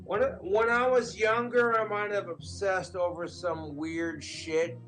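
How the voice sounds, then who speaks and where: A man speaking slowly in a casual monologue from a stream clip. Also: sits high, level tone, a bit bright, faint music behind.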